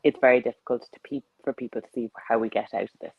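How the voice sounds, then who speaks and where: A woman, a panelist on a sports talk show, measured and wry. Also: extremely low pitch, fairly even intonation, vocal fry, husky, dry recording, narrow, tinny audio. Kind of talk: casual panel chat.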